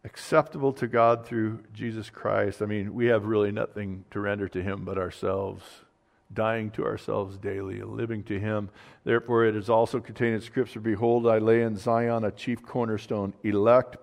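A man preaching a sermon as pastor. He reads scripture aloud and swings from soft, low asides to loud proclaiming. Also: gravelly, long reverb tail.

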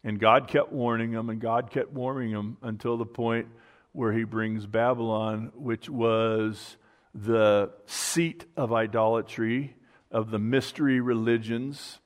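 A man's voice: medium pitch, steady tone, takes it slowly. A man preaching a sermon in a conversational way, often restarting and saying "you know". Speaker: pastor.

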